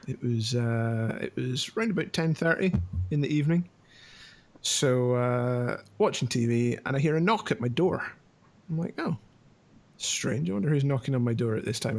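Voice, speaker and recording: A man's voice: mid-range voice, lively intonation, normal speed, gravelly, a little mellow. A man from the UK co-hosting a podcast, telling stories in a laughing, self-deprecating way. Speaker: podcast co-host. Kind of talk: casual storytelling chat.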